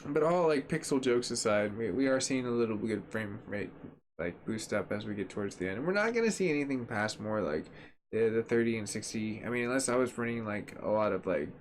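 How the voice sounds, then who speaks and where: A man's voice: lowish voice, animated, fairly quick, slight background noise. A man hosting a gaming channel, giving casual, joking, rambling commentary at his home computer setup while he tests a graphics card. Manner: joking, rambling and sarcastic, with frequent fillers.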